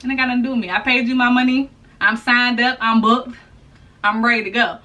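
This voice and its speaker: A woman vlogger talks straight to camera in a blunt, profane storytime style. She hammers her points by repeating lines. Her voice is high and sharp, and it sounds slightly distant from the mic. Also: steady tone, fast, lo-fi sound. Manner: repeats and restarts lines for emphasis. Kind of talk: storytime vlog.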